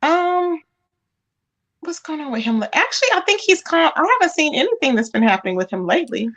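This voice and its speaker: Hosting a livestream, a woman with a high-pitched voice talks fairly quickly and animatedly about celebrity gossip. She keeps it casual and calls her listeners "child."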